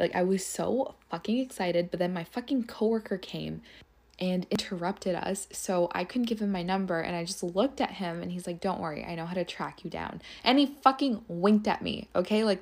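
A young woman with a slightly low voice hosts her podcast, telling her story casually to her listeners. She talks in a loose, gossipy flow, swears freely and leans on "like" in nearly every sentence. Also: darkish tone. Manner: chatty and profane, heavy use of "like". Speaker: podcast host.

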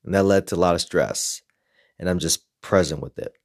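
A man's voice: low-pitched, brisk, no echo, clean studio sound. A man speaking frankly and reflectively in a casual personal monologue, swearing often as he shares his own experiences. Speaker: self-help creator.

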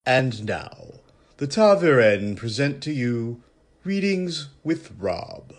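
Lively male segment announcer. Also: mid-range voice, slow. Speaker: podcast announcer.

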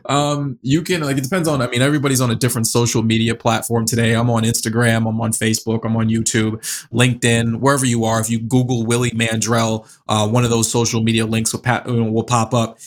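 A man's voice: medium pitch, level tone, quick pace. A man in his thirties from the Boston area, a real estate investor talking as a podcast guest in a casual, hesitant way with many fillers and restarts. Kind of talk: casual interview conversation.

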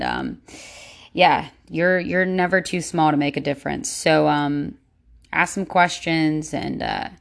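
A woman's voice: sits low, gravelly. A woman hosting her own solo podcast in a casual, rambling way, with many fillers and restarts. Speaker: podcast host.

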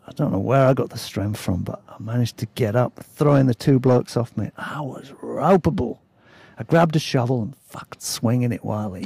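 A man's voice: medium pitch, normal speed, creaky, a little mellow, husky, no room sound. A man telling a story in a casual, blunt way, swearing freely.

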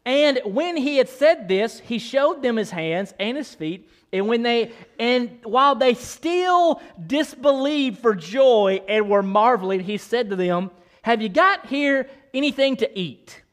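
A male pastor preaching a sermon in an animated, playful way, speeding up and slowing down as he goes. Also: extremely high pitch. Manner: animated, playful, shifting pace.

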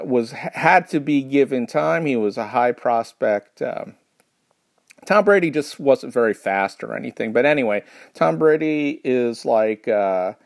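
A man from New York hosting a podcast, delivering a rambling comedic monologue with a sardonic edge, halting often with fillers. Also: medium pitch, no room sound, clean studio sound. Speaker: podcast host.

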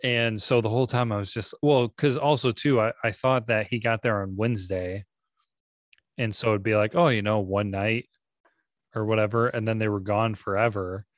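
A man's voice: fairly low pitch, steady tone, normal speed, no room sound, clean studio sound. A man co-hosting a podcast, talking casually about a movie, easygoing and hesitant with ums and uhs. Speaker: podcast co-host.

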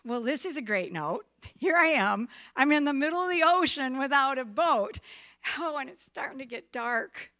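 A woman's voice: high voice, animated, normal speed, bright, forceful tone, heavily acted. Woman doing whiny comic Jonah. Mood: frightened. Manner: whiny, comic, sing-song. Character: reluctant, panicky biblical man Jonah. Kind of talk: children's storytelling.

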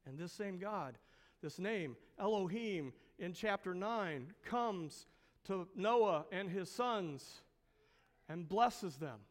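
A man's voice: high-pitched, expressive, slow pace, long reverb tail. A man preaching a sermon as a pastor, stretching out words for emphasis and asking the congregation rhetorical questions.

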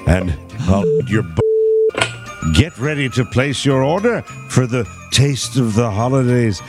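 A man's voice: mid-range voice, natural voice. A man putting on a pompous old-time announcer voice for a holiday fruitcake commercial.

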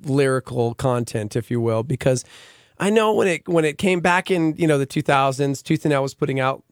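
A man hosting a radio show, talking in a relaxed, casual way with his guests. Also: medium pitch, a little fast, clear, resonant tone, no echo, studio quality. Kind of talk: casual interview chat.

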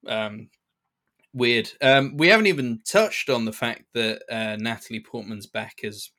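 A man co-hosting a podcast, chatting casually in a review and pausing often to restart his sentences. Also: mid-range voice, pushed and bright. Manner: hesitant, many restarts and fillers. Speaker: podcast co-host.

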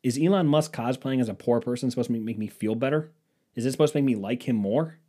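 Profane, rambling man with a mellow voice. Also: mid-range voice, fast talker, husky. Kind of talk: casual chat.

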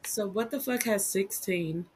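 Slow husky woman with a lively voice. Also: mid-range voice. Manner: relaxed, short agreeing replies. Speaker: podcast co-host. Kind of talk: casual movie review chat.

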